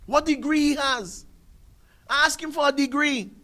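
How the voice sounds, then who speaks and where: High-voiced emphatic man ranting. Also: a little slow, bright, forceful tone, rough recording. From Sint Maarten. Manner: emphatic, repetitive, rhetorical questions. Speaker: talk show host. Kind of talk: ranting commentary monologue.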